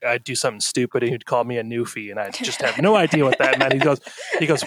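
A man who has a young daughter co-hosts a podcast, chatting casually in a mid-range, fairly bright voice. He talks fast and rambles, full of fillers and restarts.

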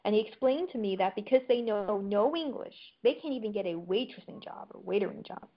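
A woman chatting casually as a guest, telling anecdotes in an easy, talkative way. Her voice sits at a middle pitch. The audio is a bit dull and lo-fi. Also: brisk. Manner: chatty storyteller. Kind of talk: casual conversation.

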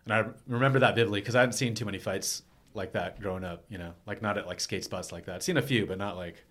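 A man's voice: on the low side, fast talker, fairly bright tone. A man, a skateboarder being interviewed, telling loose, rambling stories in casual chat with lots of filler words. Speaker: skateboarder guest.

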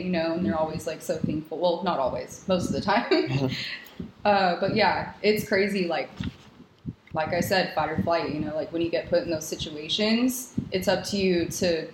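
A young woman with a lowish voice tells stories in a chatty, rambling way, leaning on "like" and "you know". Her voice carries in a roomy space. Steady background noise sits behind it. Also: moderate pace. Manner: chatty, filler-heavy storytelling with frequent "like". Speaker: guest, X-ray technologist. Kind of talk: casual podcast conversation.

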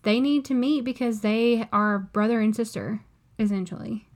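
A woman co-hosting a podcast, talking excitedly in a casual fan chat. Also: a little high, normal speed. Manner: chatty, excited fan talk with frequent laughs. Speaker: podcast co-host.

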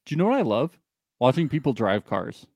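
A young man talking his way through a reality-show recap, sarcastic and joking, stopping often on "uh" and "um". His pitch swings widely as he talks, and the sound is close and dry with no room echo. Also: big pitch swings, brisk, a little mellow, husky. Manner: joking, sarcastic, many fillers. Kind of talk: casual chat.

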